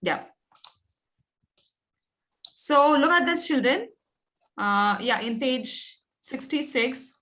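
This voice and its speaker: A woman's voice: high-pitched, animated, slow, pauses often, bright, forceful tone. A woman teacher, patiently coaxing pupils in an online class, with many fillers and "okay"s.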